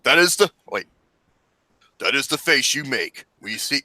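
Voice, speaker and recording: A man hosting a casual online chat, swearing loudly and breaking into frequent laughter and sudden outbursts. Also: medium pitch, very animated, normal speed, pauses often, no echo. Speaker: podcast host.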